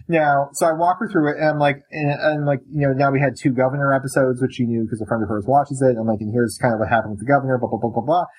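A man chatting on a podcast, with a slightly breathy voice and a middling pitch. He tells stories with lots of energy and acts out what other people say. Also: fast, hardly any pauses, rough recording. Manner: animated storyteller, mimics his wife. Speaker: podcast co-host. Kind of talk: casual chat.

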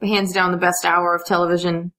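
A woman's voice: lowish voice, little pitch movement, fairly quick, pushed and bright, low-quality recording. A woman co-hosting a casual podcast, chiming in with wry remarks. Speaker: podcast co-host. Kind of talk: casual chat.

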